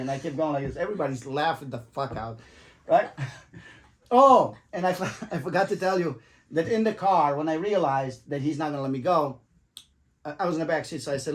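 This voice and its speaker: Man telling a story, slightly high voice. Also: a little fast. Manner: animated, swears freely, acts out quotes with laughs. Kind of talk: casual storytelling.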